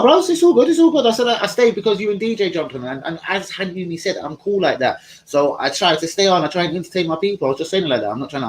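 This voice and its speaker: A man hosts a live stream from home in a slightly high voice, recorded roughly with a bit of hiss or hum. He chats casually in a rambling, slangy way and talks directly to his viewers.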